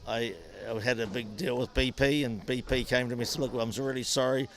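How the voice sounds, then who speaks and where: Older Kiwi ex-racer telling stories. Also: male voice, medium pitch, fairly quick. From New Zealand. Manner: animated anecdotes with frequent restarts. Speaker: former motorcycle racer and businessman. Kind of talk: interview, storytelling.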